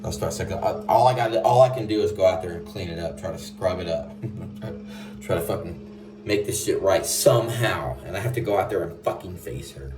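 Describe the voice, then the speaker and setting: A man with a fairly low voice tells a comic personal story. He swears freely and acts scenes out in an animated way, with a loose, casual delivery. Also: normal speed, music in the background.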